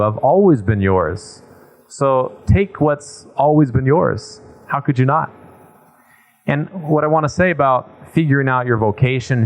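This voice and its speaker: A man, a priest, giving a casual retreat talk, telling stories with fillers and acted-out dialogue. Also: medium pitch.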